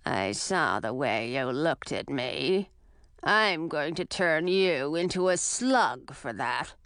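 A woman voicing a grouchy, spiteful old female witch with a rough, gravelly, low growl. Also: lively intonation, takes it slowly, a bit bright, no echo, full character voice. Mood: threatening. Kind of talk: audiobook character voice.

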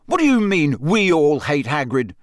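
A man's voice: on the high side, very animated, moderate pace, no room sound, studio quality, voice pushed up. A man voicing an angry teenage schoolboy hero who snaps in heated outbursts.

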